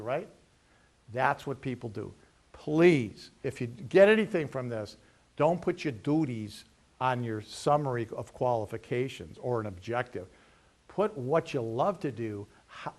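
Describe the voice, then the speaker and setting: Energetic man with lively pitch. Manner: energetic, lively, acts out dialogues; punchy motivational sayings. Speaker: veterans' employment representative. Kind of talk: career workshop talk.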